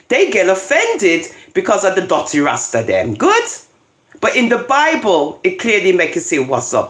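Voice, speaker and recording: A speaker, reading scripture aloud with commentary, getting excited and then calming down. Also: medium pitch. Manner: excitable, animated, swings between loud bursts and quiet asides. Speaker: Rastafarian Bible reader.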